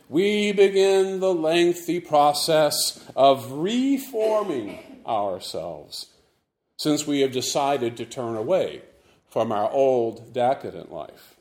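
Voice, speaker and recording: A man preaching a Sunday sermon as the church's pastor, measured and deliberate with touches of dry humor. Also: fairly high pitch, darkish tone, roomy sound.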